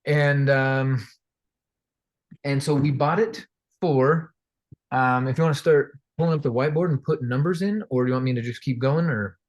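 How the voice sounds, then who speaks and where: A man's voice: mid-range voice, moderate pace. A man teaching real estate investing in a casual storytelling way, talking conversationally and acting out voices of the people in his anecdotes. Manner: animated, acts out quoted voices; conversational with fillers and restarts.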